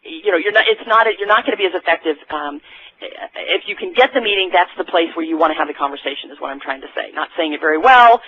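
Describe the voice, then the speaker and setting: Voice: mid-range voice, lively intonation, fast, husky. A sales trainer giving a recorded training talk in a conversational way, often restarting sentences. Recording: dull, dry lo-fi recording.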